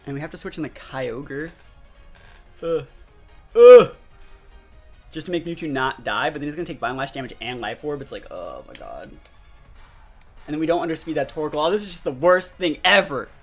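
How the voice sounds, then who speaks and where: A young man commentating his own gameplay live, talking to his chat with sudden loud outbursts. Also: a little high, expressive, a little fast, husky. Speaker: gaming streamer. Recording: faint music behind voice.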